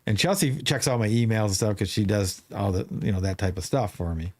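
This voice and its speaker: A man's voice: lowish voice, a little fast, darkish tone. A man hosting a podcast, telling a long story in casual chat with many restarts. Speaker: podcast host.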